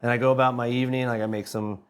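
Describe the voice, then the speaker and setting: A man in his thirties, a band member on a podcast, rambling excitedly through a story and swearing freely. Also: medium pitch, rapid-fire, clean tone. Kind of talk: casual anecdote telling.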